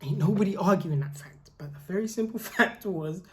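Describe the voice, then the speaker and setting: A young woman co-hosting a podcast, telling stories in a casual, animated and slangy way. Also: medium pitch, fairly quick. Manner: animated, slangy, playfully exasperated. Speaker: podcast co-host. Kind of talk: casual storytelling chat.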